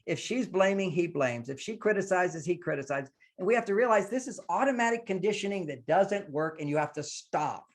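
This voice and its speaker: A man's voice: sits high, animated, fairly quick, hardly any pauses. An older man giving relationship advice as a podcast guest, emphatic and lecturing, sometimes acting out what partners say.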